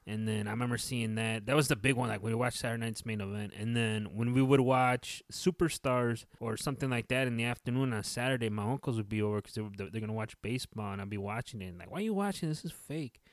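Podcast co-host, man, low voice, dry close mic, animated storyteller who mixes in Spanish. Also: fast, few pauses, no echo. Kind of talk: casual podcast chat.

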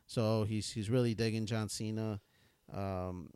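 A man co-hosting a podcast, telling relaxed stories and chatting casually. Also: measured pace, noisy background. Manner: laid-back storytelling, quotes his son in a high voice. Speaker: podcast co-host.

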